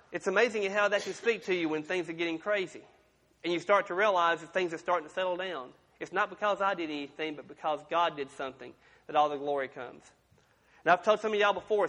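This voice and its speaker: Pastor guy, bright ringing voice, chatty sermon with jokes, big echoey church. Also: on the high side, brisk. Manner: folksy, conversational preaching with humorous asides. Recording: long reverb of a large room.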